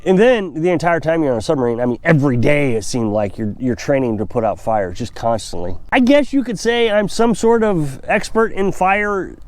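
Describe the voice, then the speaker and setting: A man's voice: a little high, moderate pace, few pauses, darkish tone. A middle-aged man from Missouri telling stories in a casual, rambling way, often correcting himself as he goes. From Missouri, USA. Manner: rambling, conversational, self-correcting. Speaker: off-grid homestead vlogger. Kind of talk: casual storytelling to camera.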